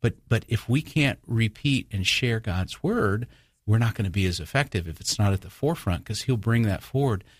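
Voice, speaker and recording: A man in a relaxed faith conversation, telling stories with frequent restarts and quoting others in lifted voices. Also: on the low side, moderate pace, slightly rough, dry recording, clean studio sound. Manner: storytelling, many restarts, acts out quoted voices.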